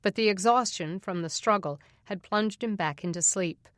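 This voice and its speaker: A woman narrating an audiobook in a steady, even reading voice on a close mic. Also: mid-range voice, normal speed, dry recording. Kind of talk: scripted narration.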